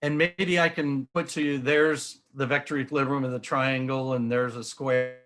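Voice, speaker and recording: A middle-aged man with a mid-range voice speaks at a moderate pace with a flat delivery. As an interview guest, he gives an earnest, enthusiastic, animated explanation of geometric models while showing them.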